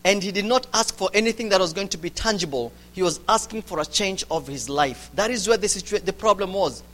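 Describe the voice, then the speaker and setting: A man delivers a sermon. He moves between loud, urgent stretches and quiet, hushed ones. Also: high-pitched, a little fast. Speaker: preacher.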